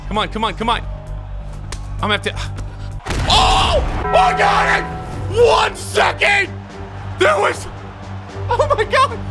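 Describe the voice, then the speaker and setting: A young man commenting on his own gameplay, excitable and joking, tired from a long session. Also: high voice. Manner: excitable, yelling at the game, crude jokes. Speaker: gaming YouTuber. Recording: loud game music behind.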